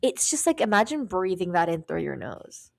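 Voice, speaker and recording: A podcast co-host in her young adult years speaks at normal speed in a creaky voice on the low side. She tells a story in relaxed conversation, cursing freely and animatedly imitating what everyone said.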